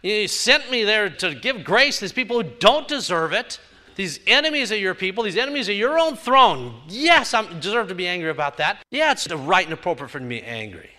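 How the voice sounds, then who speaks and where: An indignant, stubborn prophet, as a preacher acts him out, pushing his voice higher and louder as he digs in. He repeats himself again and again, defiant and sure he is right. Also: huge pitch swings, takes it slowly, pauses often, full character voice.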